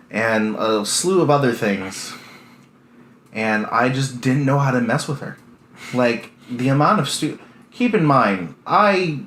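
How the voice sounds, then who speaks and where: A man in his early twenties with a deadpan, self-deprecating way of rambling through a casual comedic monologue. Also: lowish voice. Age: early 20s. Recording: echoey room with faint hiss.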